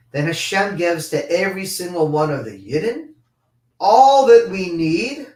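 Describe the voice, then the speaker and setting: Man, Torah class teacher, animated, slightly high voice, distant mic, echoey room. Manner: reads Hebrew passages and explains them in English; animated, with many repeated restarts. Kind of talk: live-streamed Torah class.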